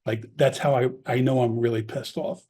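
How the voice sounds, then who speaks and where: This man's voice is mid-range, mellow and a bit rough, with a steady tone and moderate pace. He once served as a police officer on Long Island, New York, and he tells stories from the job casually. His telling is frank and meandering, full of false starts and quoted exchanges.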